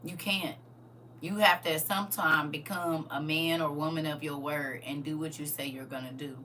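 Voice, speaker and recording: This host's voice is bright and forceful yet low-pitched, with fairly even intonation and a moderate pace. She lectures her livestream audience in casual, emphatic, preachy talk over a faint background hum.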